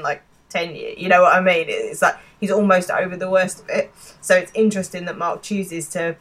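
Woman, podcast co-host, slightly low voice, casual reflective chat. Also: sharp tone. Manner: chatty and musing, thinking aloud with fillers. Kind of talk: casual chat discussing a TV episode.

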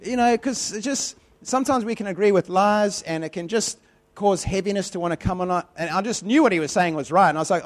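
A man's voice: sits high, brisk. A man preaching a sermon in a conversational, repetitive way, telling personal stories with animation.

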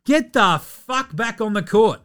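A man impersonating a furious basketball star, swearing slowly and emphatically at a teammate. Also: on the high side, lively intonation, bright, forceful tone, smooth.

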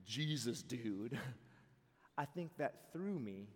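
A young man preaching to a camp crowd, telling a story in an excitable, animated way and laughing along. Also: mid-range voice, very slow. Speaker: camp speaker. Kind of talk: storytelling sermon to a youth camp. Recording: long hall reverb.

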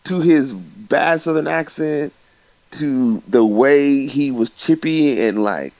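A man in casual movie review chat as a podcast co-host, animated and mocking, acting out scenes. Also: mid-range voice, slow pace, dry recording, poor audio. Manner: animated, mocking, acts out scenes in raised voices.

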